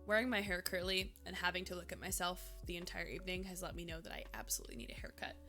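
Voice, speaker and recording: A woman's voice: lowish voice, rapid-fire, sharp tone, faint music behind. A young woman from Minnesota chatting casually with her stream's live chat, rambling with lots of fillers.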